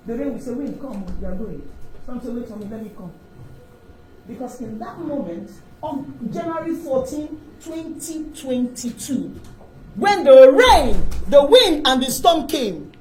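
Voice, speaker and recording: A woman giving a rousing inspirational sermon to an audience, building to loud, repeated calls. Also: on the low side, a little hiss or hum. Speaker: motivational speaker. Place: large hall before an audience. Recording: roomy hall with faint ambience.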